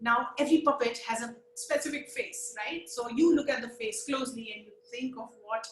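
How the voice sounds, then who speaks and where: Lively high-pitched woman coaching a puppet class over a video call, echoey room. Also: brisk, slight background noise. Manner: energetic, coaxing, counts along with viewers. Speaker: puppetry teacher. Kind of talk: live webinar instruction.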